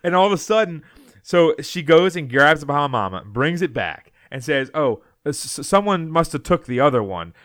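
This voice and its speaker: A male podcast co-host tells a long, loose, rambling story, laughing often and restarting his sentences. His voice is on the high side and a bit bright, with big pitch swings and normal speed, recorded dry with clean studio sound.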